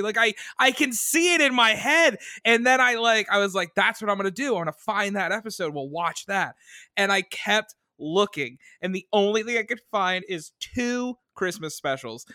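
A man's voice: very high voice, sharp tone, no room sound, clean studio sound. A man co-hosting a casual chat, laughing often and rambling through his stories. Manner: laughs a lot, rambling with restarts and fillers. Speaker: podcast co-host.

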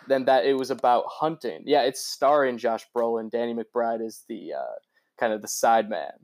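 A man's voice: mid-range voice, moderate pace, a little mellow. A young man co-hosting a podcast, rambling through casual chat with lots of fillers, restarts and laughs. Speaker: podcast co-host.

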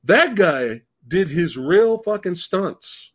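A man guesting on a casual movie podcast, excitable and swearing casually as he gushes about films. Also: takes it slowly. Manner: excitable, swings pitch wildly, swears casually.

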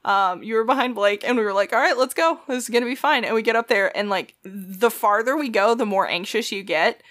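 A young married woman chatting casually and retelling a story, quick and joking, swearing now and then. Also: fairly high pitch, a bit bright.

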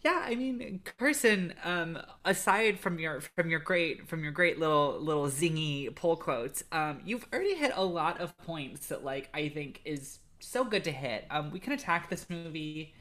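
A woman's voice: deep voice, lively intonation, normal speed, hardly any pauses, a bit bright. A woman co-hosting a podcast in casual chat, easygoing and amused, with frequent "um"s. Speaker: podcast co-host.

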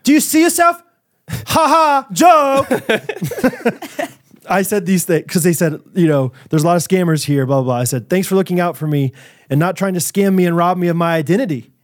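Talking fast in a voice on the high side, this podcast co-host animatedly spins a story in casual conversation. He laughs a lot and performs the quotes of the people involved, with clean studio sound and no echo.

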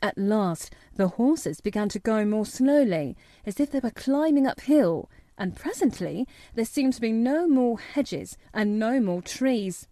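A woman giving steady, measured scripted narration of a children's classic for an audiobook. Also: fairly high pitch, no room sound.

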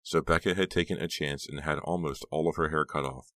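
A man narrating an audiobook in a measured storytelling manner. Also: very deep voice, fairly even intonation, fairly bright tone, no echo. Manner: measured storytelling, voicing all characters. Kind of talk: scripted narration.

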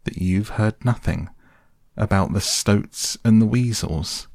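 A man's voice: fairly low pitch, slow, creaky, darkish tone, dry recording, studio quality, pitched above the performer's own voice, heavily acted. A man voicing a sensible male water rat who explains things insistently in a bedtime audiobook.

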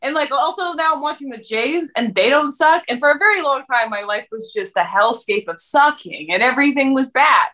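A woman comedian guest on a podcast, riffing in animated, profane casual chat. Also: high-pitched, fairly quick, hardly any pauses.

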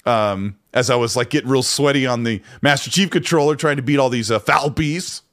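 A man's voice: mid-range voice, brisk, fairly bright tone. A man co-hosting a casual gaming podcast, talking in a rambling way with frequent restarts. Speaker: co-host.

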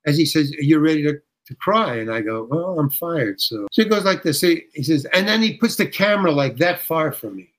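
An older man tells a story with real showmanship, acting out the other characters as he goes. His voice sits a little higher than most men's. He often stumbles and restarts mid-sentence, but keeps the tale rolling. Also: a little fast, few pauses, rough recording. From United States. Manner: lively storyteller who acts out quoted voices, with frequent restarts. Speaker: guest actor telling stories. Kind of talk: animated anecdote telling.

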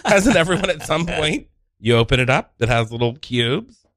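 A man, a guest improviser, joking playfully and deadpan in casual podcast chat. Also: a little high, normal speed, dry recording, studio quality. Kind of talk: improvised comedy scene and chat.

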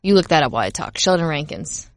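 A woman's voice: low voice, lively intonation, fast, slight background noise. A woman with a Minnesota accent co-hosting a podcast, chatting casually and chattily about football with self-mocking asides. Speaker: podcast co-host. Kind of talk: casual sports chat.

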